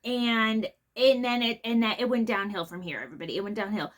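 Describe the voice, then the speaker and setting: A woman's voice: a little high, fairly quick, hardly any pauses. A woman giving casual commentary on a trial, blunt and opinionated, talking in a loose, chatty way with plenty of fillers.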